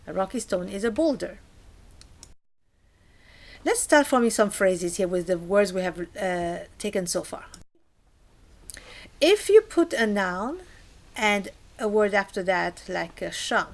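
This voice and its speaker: Woman, language teacher, patient, explanatory, middle pitch, acts out small examples. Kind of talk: recorded language lesson.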